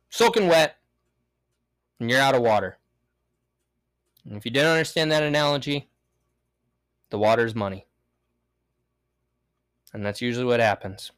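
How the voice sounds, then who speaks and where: A man's voice: fairly high pitch, lively intonation, moderate pace, pauses often, fairly bright tone. A man hosting a solo podcast, rambling and joking with lots of swearing. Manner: rambling, profane, jokey. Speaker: podcast host. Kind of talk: solo casual podcast monologue.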